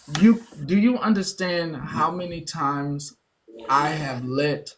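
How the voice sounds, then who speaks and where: A man hosting a casual livestream, emphatic and repetitive, sometimes dropping low and soft. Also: fairly even intonation, takes it slowly. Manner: emphatic, repeats himself, drops low and soft when reflective. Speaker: livestream host. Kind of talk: casual live-stream chat.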